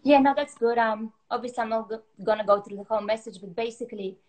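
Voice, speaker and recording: A woman's voice: fairly high pitch, fast, a little mellow, a little hiss or hum. A woman pastor from Bulgaria with a Bulgarian accent, chatting casually and laughing easily. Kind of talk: casual chat.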